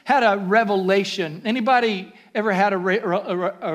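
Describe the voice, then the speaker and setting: A man preaching a sermon as pastor, asking the congregation questions and building to shouted calls. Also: high voice, steady tone, normal speed.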